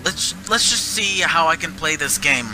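Gamer guy, high voice with big pitch swings, angry profane ranting over game music. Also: expressive, normal speed, noisy background. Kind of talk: gameplay commentary.

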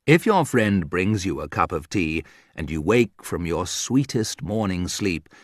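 A man's voice: low voice, sing-song, measured pace, no room sound. A man reading a humorous essay aloud with a dry, ironic delivery. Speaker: narrator.

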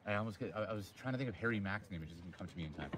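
A man hosting a casual outdoor live stream by a lake, joking and rambling in an animated way. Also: fairly low pitch, rapid-fire, noisy background.

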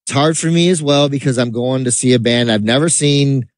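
A man co-hosting a casual podcast chat, telling rambling, animated stories with laughs. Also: mid-range voice, a little fast, no echo. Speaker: podcast co-host.

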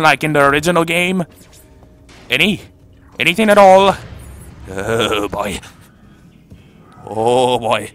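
A young man giving comedic gameplay commentary, goofy and jokey with loud shrieking outbursts. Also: on the high side. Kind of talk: comedic let's play commentary.

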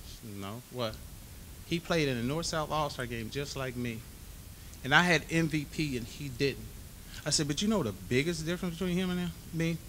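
Accepting a hall of fame honor in a banquet hall, a man tells his stories with animated, acted-out dialogue. His voice is bright and forceful, with a faint low rumble in the background.

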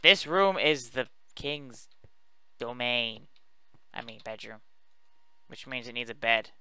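A man's voice: medium pitch, lively intonation, takes it slowly, pushed and bright, clean tone, no echo. A man giving casual, rambling commentary while building in a video game, chatty and self-mocking as he talks to his viewers. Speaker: let's play host.

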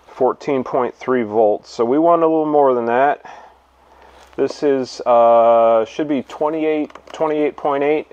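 A man hosting a casual hands-on demonstration in his home garage, relaxed and thinking aloud as he works. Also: mid-range voice, highs cut off. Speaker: video host.

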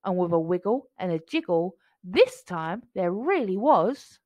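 A woman reading a children's picture book aloud in a slow, playful and expressive way. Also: mid-range voice, no room sound. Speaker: storybook reader.

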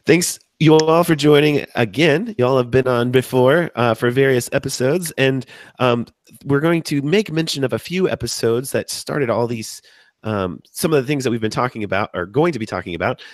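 A man hosting a live podcast, hoarse and deep-voiced from a cold, chatty and upbeat as he wanders off topic. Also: no room sound. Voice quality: deep from sickness. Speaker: podcast host.

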